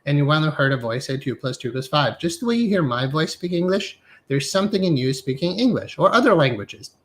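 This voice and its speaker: A man's voice: on the high side, animated, fairly quick. A middle-aged man, a hypnotherapy instructor, giving a live-streamed spiritual lecture in a reflective manner, often checking in with "right?" and leading inner exercises. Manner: reflective, frequently asks "right?" and uses guided inner exercises.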